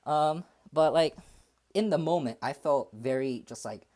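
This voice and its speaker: A man's voice: fairly high pitch, a little slow, warm tone. A man in his twenties chatting on a livestream, thinking aloud in a hesitant, reflective way with many fillers and restarts. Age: 20s. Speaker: streamer. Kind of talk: casual livestream chat.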